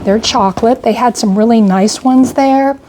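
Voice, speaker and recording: Warm in tone and a little high, this older woman's voice moves at a moderate pace as she chats through her grocery purchases one by one. The homestead vlogger is slightly winded and leans on "I got" and "went ahead," with a bit of background noise present.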